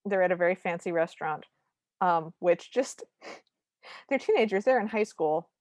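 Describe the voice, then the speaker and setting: Lower-voiced woman recapping a movie. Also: lively intonation, moderate pace, darkish tone, dry recording, studio quality. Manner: wry, conversational storytelling with humorous asides. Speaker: podcast co-host. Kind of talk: casual movie recap chat.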